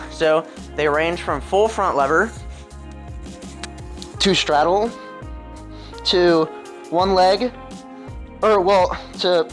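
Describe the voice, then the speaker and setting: Young male coach, voice a bit high, loose rambling delivery full of ums, soft music behind. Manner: rambling, many ums and throat clears. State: a little out of breath. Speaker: calisthenics coach. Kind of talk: casual fitness tutorial. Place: home with a pull-up bar.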